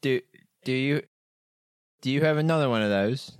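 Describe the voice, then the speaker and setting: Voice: medium pitch, normal speed, clean tone, no echo, clean studio sound. A player in a tabletop game, joking in a giggly, playful way. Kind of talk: casual game banter.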